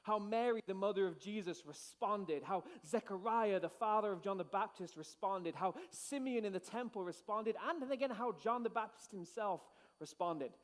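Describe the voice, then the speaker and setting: Pastor guy hyping up the room, high voice, big echoey hall. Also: moderate pace. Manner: playful, hyped crowd-rousing with shouted cues. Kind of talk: energetic sermon to a congregation. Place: large church hall. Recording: long hall reverb.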